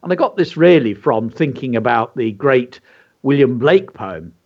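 A man's voice: mid-range voice, lively intonation, moderate pace. A man co-hosting a children's show, speaking in an enthusiastic, teacherly way and stressing words carefully. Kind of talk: educational chat for children. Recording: dull lo-fi sound.

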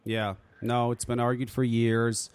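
A man's voice: mid-range voice, flat delivery, a little slow, smooth, no room sound. A man hosting a talk radio show, laid-back and profane, laughing often.

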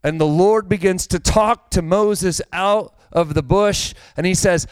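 A man's voice: high-pitched, moderate pace, hardly any pauses, clear, resonant tone, no room sound. A man preaching a sermon, with a casual, conversational manner and direct questions to the congregation. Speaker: pastor.

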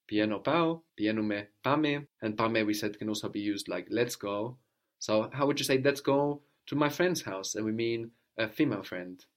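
A man's voice: lowish voice, normal speed. A man teaching a language lesson, patiently prompting his student with questions and explaining grammar.

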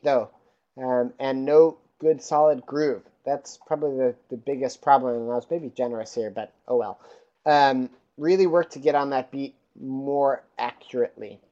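A man with a dark, mellow voice gives dry, matter-of-fact scoring notes, pausing often on ums. The sound is a little dull and muffled, like a lo-fi line. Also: medium pitch. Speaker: judge scoring bagpipe submissions. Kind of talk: casual chat with spoken feedback.

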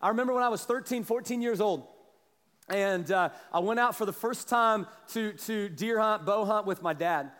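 A man preaching a sermon as a pastor, telling a story with animated energy and a slight cough. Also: sits high, normal speed, in a large hall. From Kansas, US. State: has a cough.

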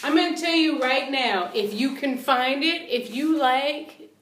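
Emphatic high-voiced woman, echoey room. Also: measured pace, a bit bright. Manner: enthusiastic, emphatic, swears casually. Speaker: co-host. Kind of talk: casual travel chat.

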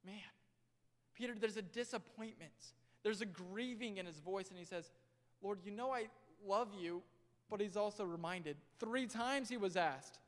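A young male pastor preaching a sermon in a church, swinging between loud and hushed delivery. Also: sits high, normal speed. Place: church sanctuary. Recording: long hall reverb.

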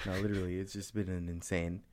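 A man with a fairly low voice chats casually and swears freely, telling stories with animation. The sound is dry and close to the mic. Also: fast, no room sound. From California. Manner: profane, animated storytelling. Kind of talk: casual chat.

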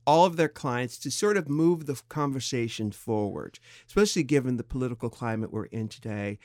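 A middle-aged man from San Diego, co-hosting a podcast in candid, casual talk, thoughtful and halting with expressive swings in pitch. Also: dry recording, studio quality. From San Diego, California. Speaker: podcast co-host.

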